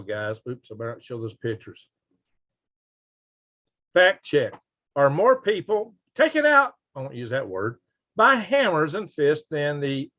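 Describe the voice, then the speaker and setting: A man hosting a casual news commentary livestream, reading and answering chat, animated and repeating himself. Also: medium pitch. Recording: slightly dull lo-fi audio.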